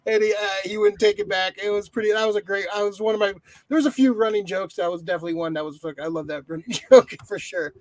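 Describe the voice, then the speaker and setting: A man's voice: sits high, fast, few pauses, no echo. A man co-hosting a podcast, reviewing a movie in rambling, profanity-laced casual chat full of fillers. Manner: swears a lot, rambling with many fillers. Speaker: podcast co-host.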